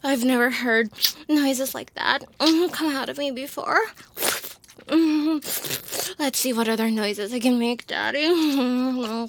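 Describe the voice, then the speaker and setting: A woman's voice: a little high, normal speed, slight background noise. A woman performing a scripted adult audio role-play, sighing often and talking in a wry, self-mocking way into a close microphone.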